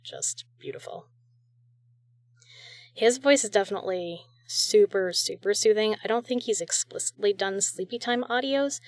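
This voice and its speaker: A woman's voice: on the low side, dry recording. Chatty, gushing woman, dry close mic. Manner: gushing, chatty, with small restarts. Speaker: podcast host reviewing audio creators. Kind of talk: casual chat.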